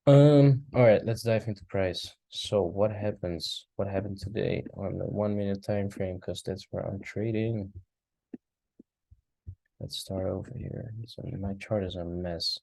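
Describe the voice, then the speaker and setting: Low, mellow man yawning through a chart recap. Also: steady tone, measured pace, creaky, no room sound. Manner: rambling, thinking aloud, yawning. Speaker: forex trader reviewing charts. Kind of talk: casual screen-share market recap.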